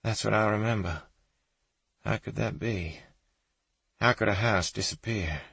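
A man reading the lines of a shaken young woman survivor recalling her captivity, in a low, gravelly, husky voice. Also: unhurried, fairly bright tone, no room sound, heavily acted. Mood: bewildered.

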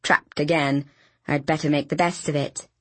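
A woman reading an audiobook in a brisk, wry storytelling manner, with a husky voice. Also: sits low, fairly even intonation, a bit bright, no room sound. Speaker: audiobook narrator. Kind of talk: scripted narration.

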